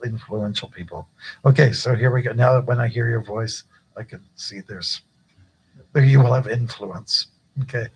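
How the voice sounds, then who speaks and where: A man's voice: mid-range voice, poor audio. An older man, a guru, giving an informal initiation talk at a temple gathering, chatty and joking with many fillers.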